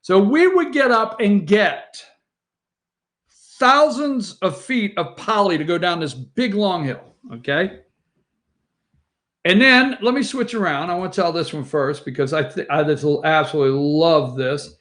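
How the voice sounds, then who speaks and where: A man's voice: high-pitched, lively intonation, a little slow, fairly bright tone. A man hosting a morning show, telling rambling family stories over old photos and chatting straight to his viewers.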